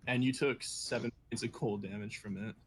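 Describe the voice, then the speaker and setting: A man's voice: medium pitch, moderate pace, husky, no echo. A man narrating as game master in a casual, laughing way.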